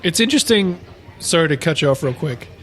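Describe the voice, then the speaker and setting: Man, podcast co-host, casual chat, jokey quips, lively swooping intonation, fairly high voice. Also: a little fast.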